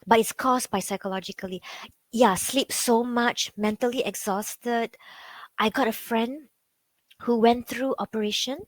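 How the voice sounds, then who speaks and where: A woman with a Malaysian English accent gives a conversational talk as a psychology coach. Her voice sits fairly high and sounds dry and close, with no room around it. She keeps it chatty, fills gaps with "like" and turns often to her listeners with questions. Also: fairly even intonation, measured pace, no echo, low-quality recording. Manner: chatty, peppers speech with "like", asks the audience questions.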